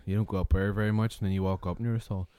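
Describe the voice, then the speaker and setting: A man chatting on a podcast, sweary with wry, deadpan asides. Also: deep voice, rapid-fire, clean tone, no echo. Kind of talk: casual banter.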